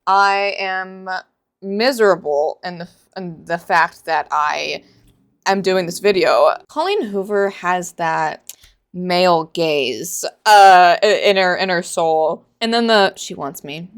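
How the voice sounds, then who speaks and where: A woman's voice: fairly low pitch, takes it slowly, clear, resonant tone. A woman in her twenties giving casual, sarcastic commentary in a book reaction vlog, rambling and exasperated.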